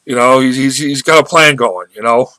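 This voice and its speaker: Halting, rambling man on a webcam. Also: medium pitch, bright, forceful tone, no room sound. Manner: rambling, halting with many restarts. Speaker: marketer. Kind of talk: casual webcam vlog. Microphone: webcam microphone.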